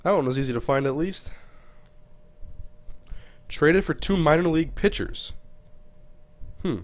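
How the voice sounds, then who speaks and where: A man's voice: a little high, a little slow, dull audio. A man casually commenting on a live stream, muttering to himself as he browses and reading viewers' questions aloud. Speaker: gaming livestreamer. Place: home.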